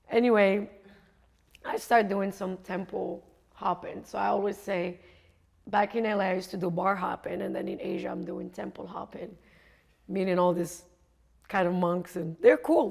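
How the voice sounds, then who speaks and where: A middle-aged woman from Africa, a coach and speaker, telling a lively travel story and acting out the voices of people she met. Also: mid-range voice, normal speed, gravelly. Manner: animated storyteller, acts out quoted voices, laughs often. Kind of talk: storytelling talk.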